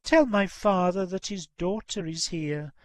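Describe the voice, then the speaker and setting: Give me a man doing a soft, earnest young woman pleading through tears, in a dry booth. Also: high voice, a little slow, no echo. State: tearful.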